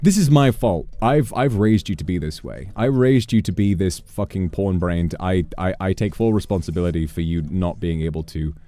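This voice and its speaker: A man's voice: sits low, animated, moderate pace, few pauses, mellow, faint music behind. A young man chatting on a gaming livestream, rambling into mock-exasperated rants with plenty of swearing. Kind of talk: casual livestream chat while gaming.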